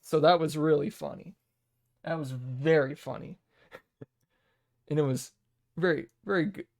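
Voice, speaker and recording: A man's voice: a little high, measured pace, gravelly, no echo, clean studio sound. A man hosting a live-stream podcast in loose, rambling casual chat. He thinks aloud while looking things up and laughs often. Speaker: livestream podcast host.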